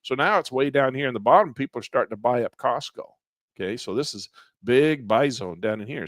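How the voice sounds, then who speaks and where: A man teaching a live online trading class in a casual, folksy way, losing his voice and clearing his throat often, with quick asides that act out what traders think. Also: mid-range voice, animated, fairly bright tone, dry recording, studio quality. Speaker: trading instructor. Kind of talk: live online class, walking through charts.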